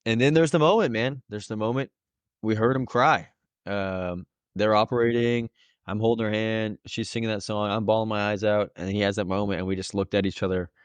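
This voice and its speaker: A man's voice: lowish voice, steady tone, a little fast, smooth, no echo. A young man casually telling a personal story on a podcast, earnest and emotional and laughing often. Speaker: podcast host, new father.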